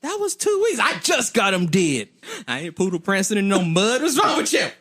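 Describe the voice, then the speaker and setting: A man voicing his fed-up wife, a sassy adult woman who scolds him in quick, indignant bursts. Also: high-pitched, huge pitch swings, fairly bright tone, breathy edge, voice pushed up, exaggerated voice. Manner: scolding, exasperated. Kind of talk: comedic impression in podcast banter.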